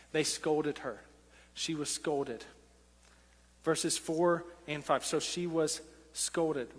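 A man's voice: fairly high pitch, in a large hall. A man preaching a sermon in a church, earnest and building to impassioned pleading. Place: church sanctuary.

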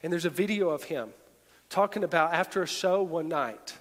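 High-voiced preacher in a reverberant hall. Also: male voice, moderate pace. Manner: earnest, rising to forceful emphasis. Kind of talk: sermon.

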